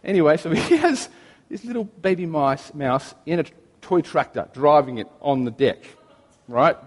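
A man in his thirties preaching a sermon as pastor, telling stories in a chatty way with gentle humor. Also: a little high, expressive, moderate pace, long reverb tail. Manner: conversational storytelling with gentle humor.

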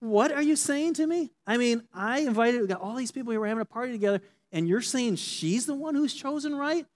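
A man's voice: very high voice, animated, brisk, pitched above the performer's own voice. A man voicing an exasperated woman who hosts a party, complaining in disbelief. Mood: indignant. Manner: incredulous, rising complaint. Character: exasperated hostess woman, indignant and flustered.

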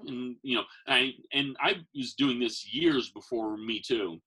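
A man's voice: mid-range voice, measured pace, sharp tone, breathy edge, poor audio. A man who works as a professional Santa and magician, telling stories in a rambling, casual way and acting out the people he quotes. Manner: rambling, acts out quoted voices. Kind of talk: casual conversational storytelling.

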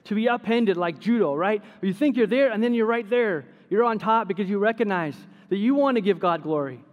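Male pastor, lively storyteller, fairly high voice, reverberant sanctuary. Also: a little fast, highs cut off. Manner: storytelling, animated, laughs at his own stories. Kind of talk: sermon.

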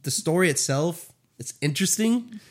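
A man co-hosting a podcast, chatting casually about comics in a rambling, profane way and acting out scenes in quick quoted voices. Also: on the high side, lively intonation. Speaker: podcast co-host. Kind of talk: casual comic review chat.

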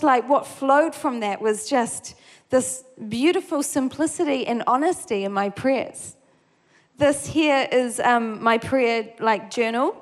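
A woman giving an informal, casual teaching on prayer, often laughing and using everyday fillers. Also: high-pitched. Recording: long reverb.

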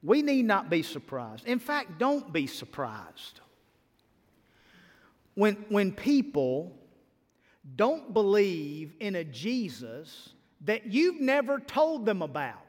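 A man pastor delivers a fervent Easter sermon in a high, bright-pitched voice. He keeps hammering his points home with emphatic repetition and stammered restarts. His voice carries a long reverb through the church sanctuary. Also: huge pitch swings, takes it slowly.

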